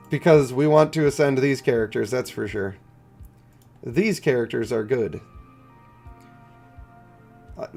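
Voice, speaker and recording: A stuffed-up man live-streaming a mobile game, chatting in a low-key way and answering his chat. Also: gravelly, a little mellow. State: congested, stuffed up. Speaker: gaming streamer.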